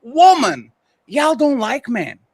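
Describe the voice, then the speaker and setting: A man hosting a heated panel debate, loud and animated, slipping into acted-out quotes. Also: extremely high pitch, takes it slowly, husky. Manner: loud, animated, acts out quotes in put-on voices.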